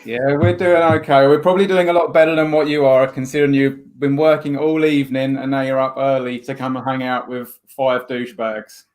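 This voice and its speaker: A man's voice: mid-range voice, little pitch movement, a little fast, few pauses, a little mellow. Laid-back man hosting a chat show. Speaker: podcast host. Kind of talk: casual chat.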